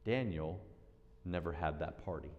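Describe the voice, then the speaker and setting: A man preaching a sermon as pastor, animated, acting out quoted voices with big swings in pitch and loudness. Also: a little slow, dull audio. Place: church sanctuary. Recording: long church-hall reverb.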